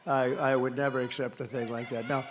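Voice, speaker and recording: A man's voice: mid-range voice, flat delivery, fairly quick. A man giving a campaign rally speech at a podium microphone, combative and repetitive, with mocking asides. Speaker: political candidate. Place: large rally venue.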